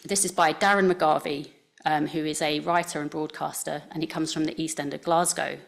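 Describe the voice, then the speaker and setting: A woman's voice: low voice, steady tone, normal speed, vocal fry. A woman with an accent close to received pronunciation, giving a talk to scientists in a casual, conversational way with frequent fillers. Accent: near received pronunciation English. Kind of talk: presentation talk. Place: talk venue.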